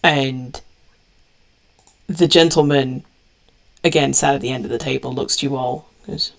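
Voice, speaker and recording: A woman narrating as game master in a tabletop game, describing scenes deliberately. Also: extremely low pitch, fairly even intonation, gravelly.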